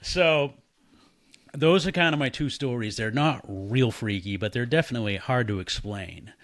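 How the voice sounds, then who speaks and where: A male podcast guest tells a story casually, animated and swearing freely as he acts out the voices of its characters. He talks at medium pitch and a normal speed.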